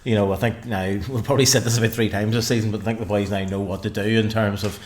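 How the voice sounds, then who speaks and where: A man's voice: on the low side, steady tone, fast talker, a little hiss or hum. A man co-hosting a casual football podcast, rambling with frequent restarts and fillers. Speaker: podcast co-host.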